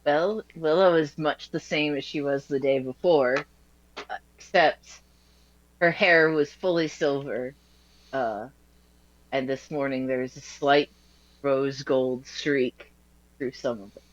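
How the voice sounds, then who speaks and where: A man's voice: medium pitch, steady tone, takes it slowly, long pauses, no echo, dull audio. A man playing in a tabletop game, describing his character in an easygoing, wry way. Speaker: player. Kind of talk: tabletop role-play.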